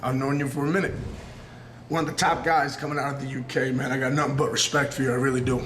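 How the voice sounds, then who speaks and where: Here the wrestler, a New Yorker in his thirties, talks fast in a mid-range voice with a flat delivery and a fairly bright tone. His raw promo interview is earnest, intense and rambling, doubling back on itself. Roomy echo fills the recording, along with a slight hiss or hum.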